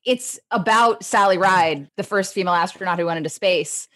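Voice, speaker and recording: A woman's voice: on the low side, normal speed, fairly bright tone. A woman on a podcast panel, chatting enthusiastically as she tells a story. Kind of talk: casual chat.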